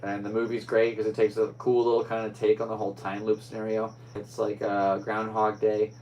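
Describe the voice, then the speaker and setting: A man's voice: lowish voice, completely flat delivery, a little fast, a little mellow, slight background noise, rough recording. A man hosting his own podcast alone, talking in a rambling, easygoing way with upbeat sign-offs. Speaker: podcast host. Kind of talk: casual solo podcast chat.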